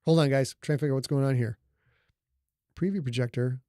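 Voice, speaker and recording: A middle-aged livestream host and author chats loosely and jokes around with his audience in a warm, medium-pitched voice at a fairly quick clip. The studio microphone gives a dry, clean sound.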